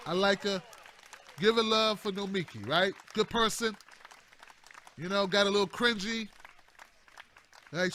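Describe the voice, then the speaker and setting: Bright, high-voiced man ranting casually. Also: no room sound, studio quality. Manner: slangy, repetitive, chatty with frequent laughs. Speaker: political commentary host. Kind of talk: casual political commentary.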